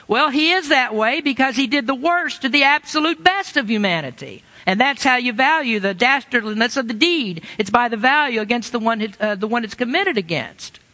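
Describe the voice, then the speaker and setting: A man's voice: extremely high pitch, sharp tone. A man preaching a sermon with emphatic rhetorical questions, sometimes mimicking excuses in a whiny voice. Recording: long hall reverb.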